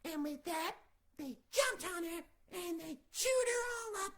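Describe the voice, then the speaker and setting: High-voiced woman telling a crude fairy tale. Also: lively intonation, unhurried, background noise. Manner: offhand, giggly, crude jokes. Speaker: storyteller. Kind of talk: comic improvised fairy-tale retelling.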